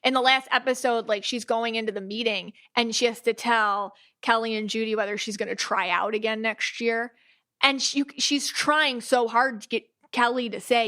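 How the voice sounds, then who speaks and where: A woman with a bright, slightly high voice hosts a casual podcast chat. She talks animatedly, restarts often, and drops quoted asides with quick impressions of what other people say.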